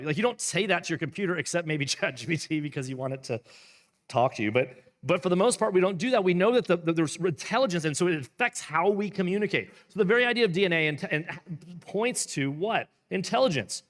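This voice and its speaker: A man's voice: on the high side, expressive, fast talker, a bit bright, in a large hall. A man, a pastor, reading a book aloud and explaining it in a casual, rambling way with playful asides. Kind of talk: live book reading with commentary.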